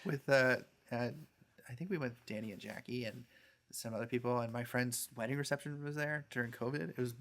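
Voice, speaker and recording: A man's voice: medium pitch, fairly quick, noisy background. A man, a priest hosting a podcast, chatting casually and telling anecdotes full of filler words. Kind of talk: casual conversational chat.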